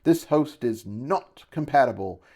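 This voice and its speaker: A man's voice: mid-range voice, expressive, a little slow, creaky, dark tone, voice pushed up. A man voicing a fat, pompous male shopkeeper avatar who gushes and blusters in an audiobook. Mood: curt. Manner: effusive, blustering. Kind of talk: audiobook character voice.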